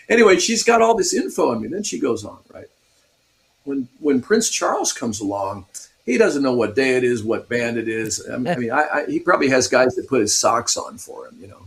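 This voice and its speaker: A man's voice: mid-range voice, normal speed, creaky, slight background noise. Older guy from california telling road stories, lots of ups and downs in his voice, chuckles a lot. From Pasadena, California. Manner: animated, laughs often, acts out quotes. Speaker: guest guitarist. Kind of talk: storytelling in a radio interview.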